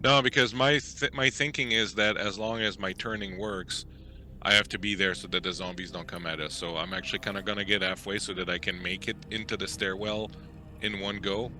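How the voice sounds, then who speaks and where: A man's voice: on the low side, fairly even intonation, a little fast, pushed and bright, a little hiss or hum. A man playing a tabletop game, thinking aloud as he explains his plan. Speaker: player. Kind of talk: casual tabletop game chat.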